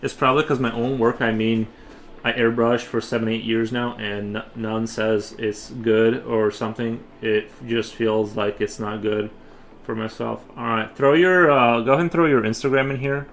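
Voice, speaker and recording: Drawing in his home studio, this livestreamer talks at a normal pace in a steady, mid-range, fairly bright voice over slight background noise. His casual chat rambles, full of restarts and fillers.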